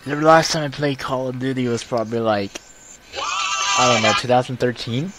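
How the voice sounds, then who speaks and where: A man's voice: mid-range voice, steady tone, normal speed, noisy background. A young man co-hosting a casual gaming chat, laid-back, laughing often and giving short replies. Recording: faint music behind the voice.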